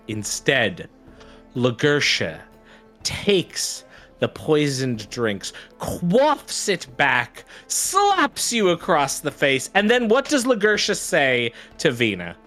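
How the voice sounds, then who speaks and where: A man's voice: medium pitch, a bit bright. A man narrating as game master of a tabletop game, describing scenes with lots of fillers.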